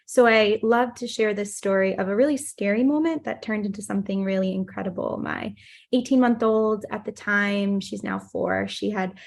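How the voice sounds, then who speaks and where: A woman's voice: mid-range voice, moderate pace, creaky. A woman in her thirties, a play therapist, telling a personal story in a podcast interview, acting out the voices she quotes. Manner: animated storytelling, acts out quotes.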